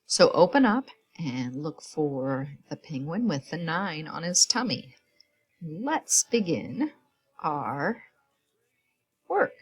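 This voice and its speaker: Woman teacher, low voice, husky edge; calm, step-by-step instructions for young students. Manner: patient, step-by-step, counts aloud. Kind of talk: recorded classroom instructions.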